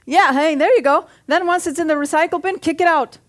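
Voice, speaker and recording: Middle-aged lady preacher in church, pretty high voice, cracks jokes and keeps asking amen. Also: fairly quick. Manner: punchy, joking, calls for amens. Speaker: pastor. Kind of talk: sermon.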